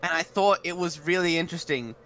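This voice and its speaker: A man's voice: fairly high pitch, fast, a bit bright. A man, chatting casually as a podcast co-host and thinking aloud as he talks. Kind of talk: casual online podcast chat.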